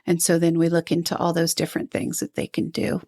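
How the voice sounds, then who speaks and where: An older woman, a retired NICU nurse and lactation counselor, appears as a podcast guest, speaking earnestly and telling stories from her work while mimicking the moms she quotes. Her voice is lowish, dark, monotone and brisk, and the recording is dry with clean studio sound.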